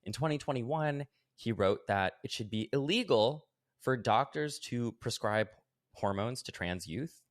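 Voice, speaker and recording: A man hosting a podcast, talking casually with a sarcastic, animated edge and lots of "like". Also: medium pitch, a little slow, no echo, clean studio sound. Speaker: podcast host.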